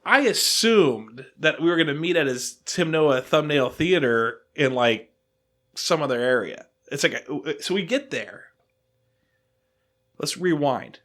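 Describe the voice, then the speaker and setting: A male podcast host rattling through a story in loose, casual chat. His pitch jumps around a lot as he acts out other people's lines, and he mocks himself freely along the way. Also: measured pace. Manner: animated, self-deprecating, quotes people in voices.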